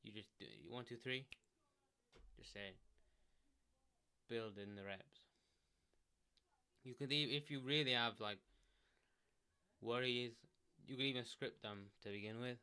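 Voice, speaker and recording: This man has a medium-pitched, smooth voice, speaking a bit slowly with long pauses. Seated at a desk microphone, he gives relaxed, rambling solo self-help advice full of fillers, restarts, and "like."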